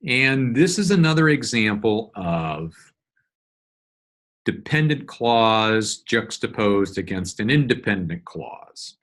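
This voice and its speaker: A man of middle pitch gives a recorded law lecture, talking through a document line by line. He explains patiently and evenly, often pausing on fillers and restarting his sentences as he thinks. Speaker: law instructor. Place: solo screen-recorded lecture.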